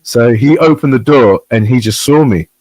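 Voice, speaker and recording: A man's voice: mid-range voice, normal speed, a little mellow. A man, a guest on a chat show, telling a story animatedly and acting out the voices of the people in it. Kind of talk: casual chat.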